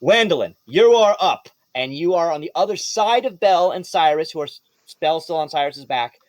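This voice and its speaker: A man as game master running a tabletop game, lively and profane. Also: a little high, brisk, dry recording.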